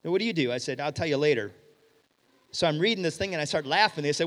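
Middle-aged man, pastor preaching in a church hall, lively storyteller who acts out the voices, slight hall reverb. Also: fairly high pitch, fast talker. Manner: animated storyteller, acts out dialogue, swings loud and hushed. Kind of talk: sermon with storytelling.

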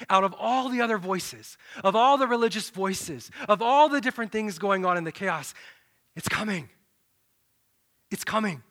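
Male preacher, high and bright, animated sermon delivery with dramatic quiet drops. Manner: animated, dramatic, often drops to a low hush then swells loud.

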